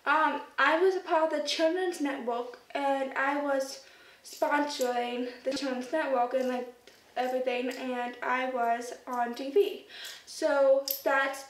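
High-voiced woman rambling to camera. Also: fairly even intonation, unhurried. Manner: rambling, chatty, many fillers. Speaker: vlogger. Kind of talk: casual chat to camera. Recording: roomy echo, distant mic, faint noise.

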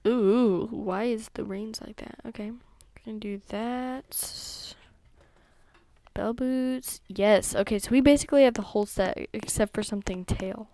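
Slow-talking young woman narrating gameplay. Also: on the high side, warm tone, no room sound. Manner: chatty, talks to herself and her game horses, lots of ums and whispered asides. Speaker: gaming YouTuber. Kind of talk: casual gameplay commentary.

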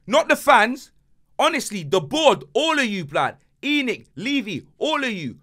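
A man's voice: high voice, sing-song, normal speed, bright, forceful tone. A man hosting a casual banter podcast, ranting animatedly in heavy slang. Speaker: podcast host.

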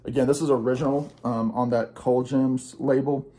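A man's voice: mid-range voice, steady tone, normal speed, dark tone. Chatty man gushing over his records. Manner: rambling, enthusiastic, many fillers. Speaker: guest record collector. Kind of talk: casual chat about a record haul.

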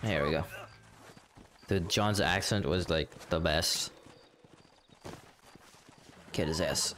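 A game streamer chats casually and profanely while playing live, answering viewers as he goes. His voice is low and slow with frequent pauses, and game music and horse hooves play in the background.

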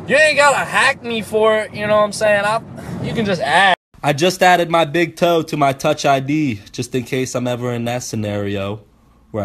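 A young man with a high voice, telling a funny story in a loose, animated way and bursting into shouts now and then. Faint city noise sits in the background behind him. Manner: animated, profane, jumps into sudden shouts. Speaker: comedic storyteller. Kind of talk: casual comedic storytelling.

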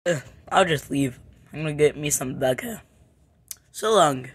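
A young performer voicing a grumpy tie-dye plush bunny with a clumsy put-on Russian accent, gruff and insulting. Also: medium pitch, lively intonation, measured pace, no echo.

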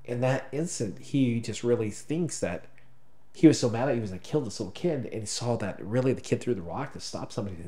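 A man's voice: mid-range voice, expressive, dark tone. Choked-up man telling a story. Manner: emotional storytelling, choked up, halting restarts. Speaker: podcast co-host. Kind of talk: casual conversation.

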